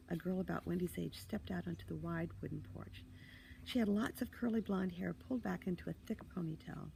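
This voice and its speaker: A woman author reading a children's chapter book aloud, expressive with hushed asides. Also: lowish voice, vocal fry, slight background noise, rough recording. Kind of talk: storybook reading.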